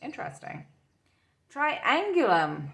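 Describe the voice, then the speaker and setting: A woman's voice: fairly high pitch, big pitch swings, slow pace, creaky, a bit bright. A woman doing an intuitive tarot reading, rambling and searching for her words as she talks. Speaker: tarot reader.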